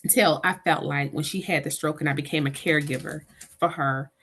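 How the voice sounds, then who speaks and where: Lively woman telling stories. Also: deep voice, fairly quick, a little hiss or hum. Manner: animated, voices the people in her stories. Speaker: interview guest. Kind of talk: emotional personal storytelling.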